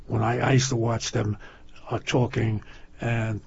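An older man talking casually, his husky voice winding through long stories full of restarts. He sits at a mid pitch. The recording is muffled and lo-fi. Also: level tone, a little slow, a little mellow. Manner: rambling storyteller with many restarts. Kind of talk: casual chat. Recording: lo-fi muffled audio.

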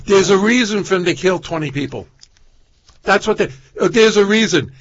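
High husky wisecracking man. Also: lively intonation, moderate pace. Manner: wisecracking, dry interjections. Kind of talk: casual chat. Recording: dull lo-fi sound.

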